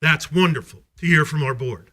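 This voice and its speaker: A man's voice: fairly high pitch, normal speed, pushed and bright. A man giving an angry, accusatory public comment at a school board meeting, full of rhetorical questions.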